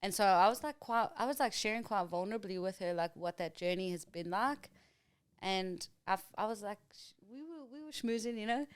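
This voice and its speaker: A young woman with a South African accent, guesting on a podcast in casual chat, full of likes and restarts and quick to laugh. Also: mid-range voice, clean tone. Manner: chatty, many likes and restarts, laughs easily.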